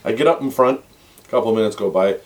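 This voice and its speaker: A man chatting casually over a board game, telling animated, profane stories and swearing freely. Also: on the low side, fast talker. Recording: distant mic with faint noise.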